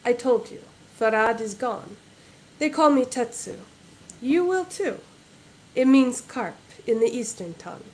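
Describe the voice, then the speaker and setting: A woman's voice: on the high side, animated, measured pace, a little mellow, pitched above the performer's own voice, poor audio. A woman reading aloud, voicing a commanding noblewoman near forty with a detached, haughty manner.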